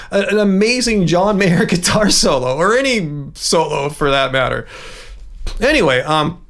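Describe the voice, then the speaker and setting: Middle-aged guy on a livestream, high voice, rambling and ranting at the chat. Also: moderate pace. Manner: chatty, ranting, animated asides. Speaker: livestream host. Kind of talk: casual livestream chat reading viewer comments.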